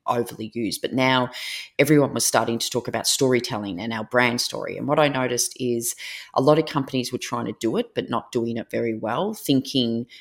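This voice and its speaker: A woman author and presentation trainer, a guest in an interview, telling stories in a lively way with frequent fillers. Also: rumbling low, brisk. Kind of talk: interview conversation.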